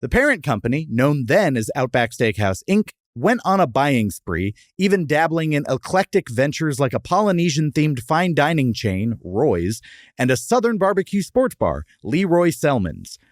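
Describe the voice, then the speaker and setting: A man's voice: on the high side, very animated, moderate pace, no room sound, studio quality. A man hosting a podcast, chatting casually and reading history notes between jokes. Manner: jokey, reads history notes between banter. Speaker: podcast host. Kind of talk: casual chat and read-out segments.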